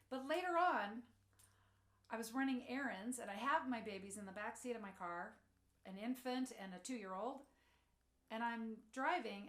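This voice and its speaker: A middle-aged woman giving a motivational talk, telling personal stories and acting out quotes, softening her voice for tender moments. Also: roomy sound. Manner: storytelling, acts out quotes, drops soft and low for tender moments. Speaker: speaker.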